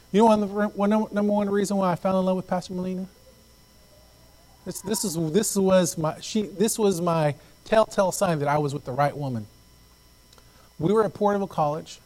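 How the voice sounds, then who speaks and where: A man preaching a sermon as pastor, telling stories with lively acted-out voices and repeating phrases as he goes. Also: high voice, normal speed, poor audio. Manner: animated storytelling, acts out quoted voices. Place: church.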